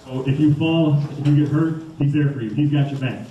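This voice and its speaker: Animated young man speaking to schoolchildren. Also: a little high, a little fast, lo-fi sound, a little hiss or hum. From Michigan. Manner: animated, acts out voices. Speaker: motivational speaker. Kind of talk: storytelling talk to schoolchildren. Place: school hall. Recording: echoey hall from far off.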